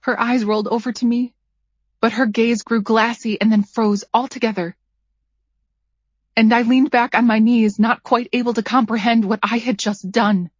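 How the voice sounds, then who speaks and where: A woman narrating a first-person psychological thriller audiobook in a measured, tense storytelling voice. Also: a little high, fairly even intonation, dry recording. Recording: dry, slightly dull studio read.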